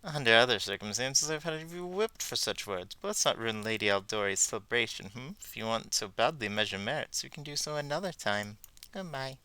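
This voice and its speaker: A man voicing a bold, sharp-tongued young female baroness who speaks bluntly. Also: medium pitch, lively intonation, a little fast, smooth, dry recording. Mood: cutting. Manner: blunt and cutting.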